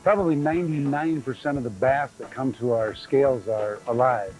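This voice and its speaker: A man's voice: mid-range voice, moderate pace, darkish tone, faint music behind, low-quality recording. A man steadily explaining how the tournament takes care of the fish it catches. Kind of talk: explanatory interview.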